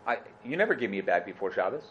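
Man doing a quiet, sly wealthy man. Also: sing-song, racing, highs cut off, a little hiss or hum. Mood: evasive. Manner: low, quiet, dismissive.

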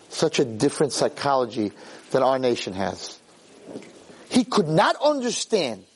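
A man's voice: mid-range voice, measured pace, poor audio. A man giving a Torah lecture as a rabbi, telling stories in an emphatic, rambling way. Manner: animated, emphatic, rambling storyteller.

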